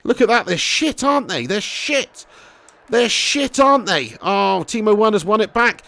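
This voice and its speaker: A young man streams a football game, chatting with viewers. He talks in a fairly high voice, swears freely and bursts into loud shouts when his team scores. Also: sing-song, normal speed, no echo. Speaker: streamer playing a football career mode. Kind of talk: live gaming commentary and chat reading.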